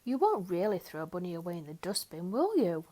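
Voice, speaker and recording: A woman voicing a caring, lively young girl in a read-aloud storybook, with a bright, expressive child voice. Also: lowish voice, brisk, pitched below the performer's own voice.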